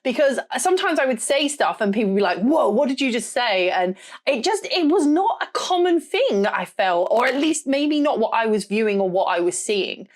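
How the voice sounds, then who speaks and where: A young adult woman from the south of England with a slight rural southern English accent, hosting a casual solo podcast in a loud, direct and blunt way. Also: fairly high pitch, sing-song, moderate pace. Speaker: podcast host and photographer.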